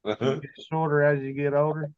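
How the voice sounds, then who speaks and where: A man's voice: on the high side, flat delivery, a little fast, a little mellow, smooth, lo-fi sound. A man on a casual livestream, ribbing the host with brash swearing. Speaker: guest.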